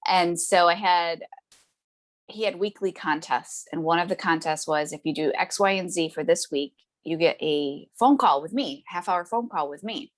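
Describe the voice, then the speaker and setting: A woman with a somewhat low voice tells a story as a guest in a casual interview. She talks in a chatty, animated way, full of tag questions and fillers, laughs often and acts out the voices of people she quotes. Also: moderate pace. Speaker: interview guest, essential oils seller.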